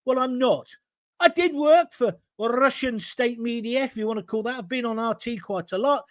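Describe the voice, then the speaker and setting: A man's voice: very high-pitched, normal speed, no room sound, studio quality. A middle-aged British man hosts a live opinion talk show and reads out viewer comments in a combative, ranting manner. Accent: British English. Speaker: host.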